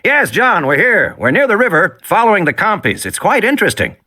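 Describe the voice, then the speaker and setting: A male narrator voicing a calm man speaking over a radio, in a storybook reading. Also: high voice, brisk, pitched above the performer's own voice, heavily acted.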